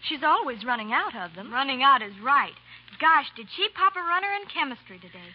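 An actress voicing a chatty, bossy teenage daughter with chirpy, slangy chatter, in a 1930s radio comedy sketch. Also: female voice, sits high, very animated, fairly quick. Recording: dull old radio broadcast.

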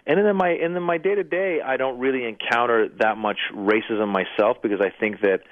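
A man, a comedian and actor, telling stories in a radio interview, relaxed and self-deprecating with frequent hesitations. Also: mid-range voice, brisk, no room sound. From Iranian-American family. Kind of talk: casual anecdote-telling interview. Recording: dry, phone-like radio line.

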